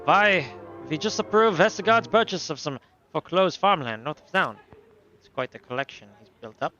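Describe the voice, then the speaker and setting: A man's voice: on the high side, animated, normal speed, bright, forceful tone, lo-fi sound, faint music behind, voice pushed up. A man voicing a pompous middle-aged collaborator hosting a dinner, speaking in a stately manner with a put-on accent. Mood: smug.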